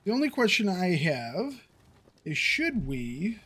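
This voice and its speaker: A man's voice: high voice, sing-song, takes it slowly, a bit bright, slightly rough. A man streaming a survival game, chatting casually to his viewers and thinking aloud about his next moves. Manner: thinking aloud, talking to chat. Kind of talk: casual gameplay commentary.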